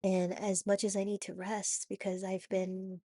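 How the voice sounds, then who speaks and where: A woman with a raspy voice from a cold, talking haltingly in a personal confessional vlog with many restarts and "you know"s. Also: medium pitch, completely flat delivery, dark tone, no room sound, clean studio sound. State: hoarse from a cold. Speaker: vlogger.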